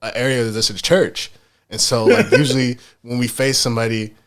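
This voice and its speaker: A man co-hosting a podcast, telling stories in a loose, animated way full of slang and fillers. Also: mid-range voice, a little fast. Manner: animated storyteller, heavy slang and fillers, chants in put-on voices. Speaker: podcast co-host. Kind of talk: casual chat.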